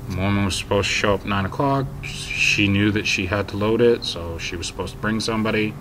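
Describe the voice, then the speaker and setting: A man's voice: brisk, few pauses, background noise. A man telling a story straight to camera in a rambling, exasperated way, full of ums and "so anyways.". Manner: gets loud and high when quoting his own yelling. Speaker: vlogger.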